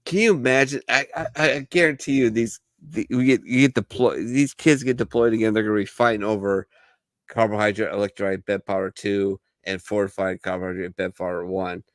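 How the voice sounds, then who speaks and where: Low-voiced, profane man on a podcast. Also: fairly even intonation, brisk, no room sound, studio quality. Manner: profane, loose, joking. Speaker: podcast host. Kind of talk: casual banter.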